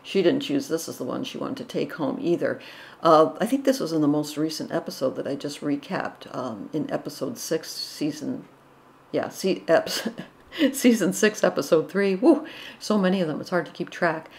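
A woman's voice: sits low, normal speed, gravelly. A middle-aged woman giving casual, enthusiastic commentary on paintings, with frequent restarts and gushing praise. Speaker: art commentary vlogger.

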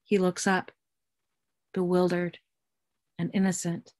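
An American woman poet reading her poems aloud in a measured, deliberate way. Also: lowish voice, no echo. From United States. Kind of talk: poetry reading.

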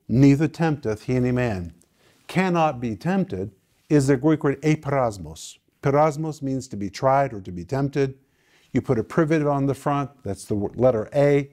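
A male preacher teaching a sermon, emphatic and repetitive, with sudden swings in loudness and pitch. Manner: emphatic, repeating phrases with sudden dynamic swings.

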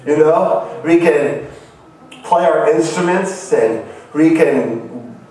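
A man's voice: fairly high pitch, slow pace, mellow. A missionary man from Ohio, preaching a sermon and telling stories earnestly, his voice rising to cries. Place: church hall. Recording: very echoey hall from far off.

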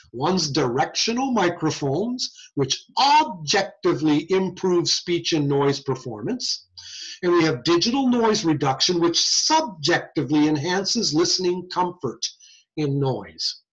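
A man lectures in a loose, joking way, his voice sitting high and swinging widely in pitch. The recording sounds somewhat dull and lo-fi, like a screen-share session. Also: unhurried. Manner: lively, conversational, jokey. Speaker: hearing science lecturer. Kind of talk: informal lecture.

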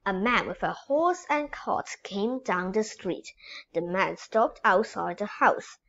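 Woman reading aloud to children, slow, lively pitch, breathy, dull lo-fi recording. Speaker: storybook reader.

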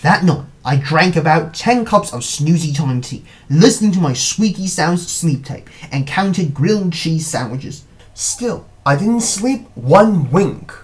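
A man hosting his own channel, reading a children's chapter book aloud with an expressive storytelling manner. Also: fairly high pitch, unhurried.

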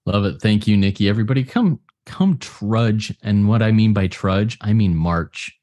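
Deep-voiced earnest man podcast host. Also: moderate pace, darkish tone. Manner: earnest, encouraging, rallying. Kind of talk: casual recovery podcast chat.

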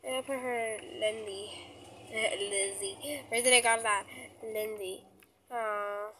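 A woman's voice: mid-range voice, steady tone, slow pace, sharp tone, slight background noise, low-quality recording. A woman voicing Barbie, a caring but bossy big-sister doll in a doll play video, speaking in a fussy, bossy way.

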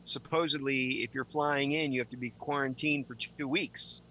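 A man's voice: mid-range voice, steady tone, moderate pace, pushed and bright, a little hiss or hum, poor audio. A man on a chat panel, chatting matter-of-factly.

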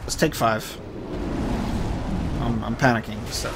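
Panicky gamer guy yelling and swearing, lively up and down voice. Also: a little high, a little slow, pauses often, noisy background. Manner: excitable, swearing, panicky yelps and laughter. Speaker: gaming streamer. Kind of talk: live let's play commentary.

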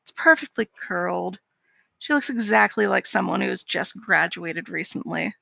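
A woman's voice: mid-range voice, moderate pace, vocal fry, sharp tone, no echo. A young woman co-hosting a casual podcast, dry and sarcastic, swearing often. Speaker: podcast co-host. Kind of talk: casual chat.

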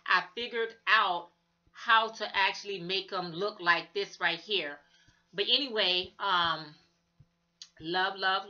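A woman's voice: medium pitch, pushed and bright, dull audio. A woman hosting a crochet vlog, chatting casually and enthusiastically to viewers while showing her work, her voice a little worn. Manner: chatty, enthusiastic, addresses viewers as "guys" and "y'all". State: losing her voice. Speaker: crochet channel host. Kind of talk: casual show-and-tell vlog.

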